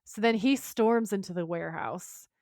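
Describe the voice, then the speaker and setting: A chatty woman co-hosts a podcast, recapping scenes in a casual, giggly way. Her voice sits at an ordinary pitch for a woman, and the recording is close and dry with no room sound. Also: normal speed, darkish tone, dry recording. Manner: chatty, recounts scenes and reads dialogue aloud, giggles often. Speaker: podcast co-host.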